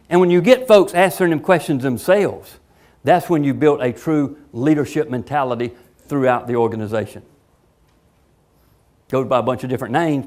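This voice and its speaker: Man, rapid, fairly high voice, emphatic folksy talk. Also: darkish tone. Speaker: education speaker. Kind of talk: motivational talk to teachers.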